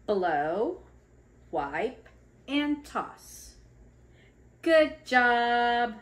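A woman reading a picture book to toddlers in a slow, sing-song way, acting out sneezes and sounds. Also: a little high, sing-song. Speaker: children's educator reading aloud.

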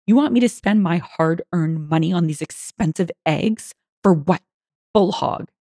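A woman's voice: fairly low pitch, a little slow, no room sound, studio quality. Woman voicing a grumpy old man ranting. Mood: indignant. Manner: indignant, yelling. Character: grumpy older man ranting about egg prices.

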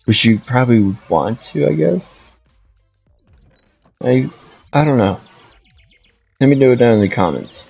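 A man's voice: mid-range voice, lively intonation, a little slow, vocal fry, pauses often, breathy edge, lo-fi sound, soft background music. A man giving casual gameplay commentary as a streamer, rambling and thinking aloud. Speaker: gaming streamer.

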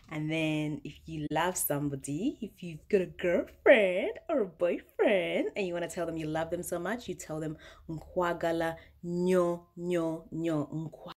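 A woman's voice: fairly low pitch, expressive, unhurried. A young woman from Uganda with a British South London accent, chatting playfully in a casual vlog and laughing often. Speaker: vlogger.

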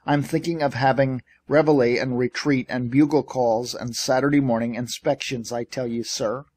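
A man's voice: medium pitch, a little mellow, husky, lightly acted. A man voicing a sour, defiant office manager in an audiobook, complaining about his boss's choices. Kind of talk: audiobook character reading.

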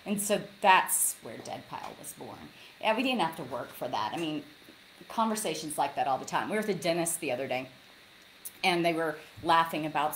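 A woman with a somewhat low voice tells stories with energy, slipping into the voices of the people she quotes. She speaks from a log cabin lodge over a video call. A faint hiss sits under her voice. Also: fairly quick, low-quality recording. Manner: animated storyteller, acts out quotes. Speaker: author guest. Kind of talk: casual interview chat.

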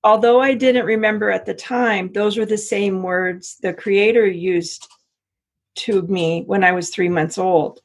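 Interview guest: middle-aged woman, husky and gravelly, halting personal account. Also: mid-range voice, fairly even intonation. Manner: halting, many restarts and repeats. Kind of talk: personal story in conversation.

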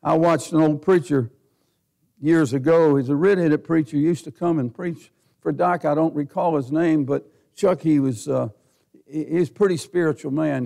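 A middle-aged man preaching a sermon as pastor, folksy and given to chuckles, rising to near-shouting as he presses his points. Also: fairly high pitch, vocal fry. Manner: folksy, laughs often, builds to near-shouting.

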